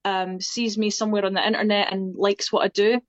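A woman's voice: medium pitch, level tone, brisk, no room sound, highs cut off. A young Scottish woman with a Scottish accent, chatting casually and self-deprecatingly as a singer-songwriter being interviewed. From Scotland.

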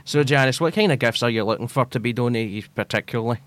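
A man's voice: medium pitch, fast talker, a bit bright, no room sound. A man hosting a community radio show, introducing a guest and asking questions in a friendly, lightly joking way. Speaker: radio host.

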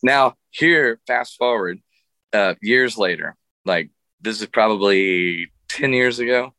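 A man's voice: lowish voice, slow, pushed and bright, no room sound. A middle-aged man, a guest musician, telling a funny story in a radio interview, laughing often and restarting his sentences.

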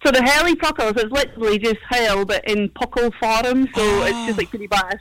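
A woman's voice: on the high side, brisk, a bit bright, no room sound, rough recording. A young woman from Shetland with a broad Shetland accent, chatting cheerfully as a caller on the phone. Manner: giggly, chatty, broad dialect. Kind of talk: casual chat.

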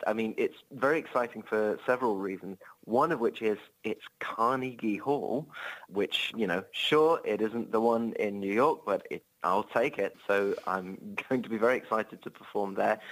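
A man's voice: lowish voice, a bit bright, low-quality recording. An English man who tours as a comedian, chatting in an interview in a rambling, amiable, self-deprecating way with many restarts. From England. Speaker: touring comedian.

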